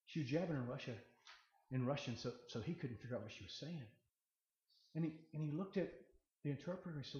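A man preaching a sermon, moving from quiet storytelling to loud proclamation. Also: a little high. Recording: echoey room, slightly muffled.

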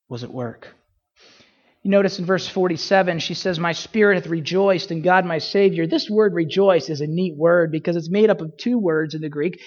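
A woman preaching a sermon, asking rhetorical questions and swinging her pitch widely for emphasis. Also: husky, highs cut off.

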